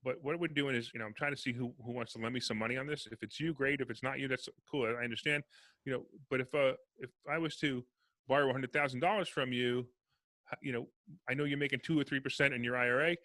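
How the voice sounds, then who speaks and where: A man's voice: mid-range voice, no room sound. A man, a real estate investor, telling stories in a casual podcast interview and acting out the dialogue. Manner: fast, animated storyteller acting out dialogue.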